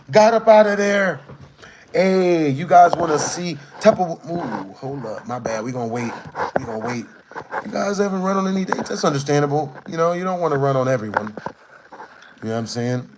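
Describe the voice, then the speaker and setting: A man tells a long, rambling story to his live chat, leaning on slang and repeating the same filler phrases. His voice sits a little high. The room around him sounds echoey. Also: noisy background. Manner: rambling, repeats "you know what I'm saying". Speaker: streamer.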